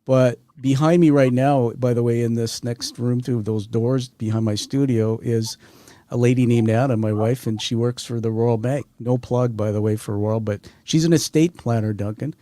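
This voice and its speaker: A middle-aged man hosting a podcast interview, talking in an energetic, rambling way and turning to address his listeners directly. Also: medium pitch, normal speed, no echo. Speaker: podcast host. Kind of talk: conversational interview.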